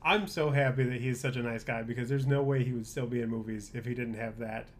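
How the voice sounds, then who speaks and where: Man, podcast co-host, casual chat, wry, opinionated, rambling, mid-pitched voice, faint background hiss. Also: fairly even intonation, quick pace.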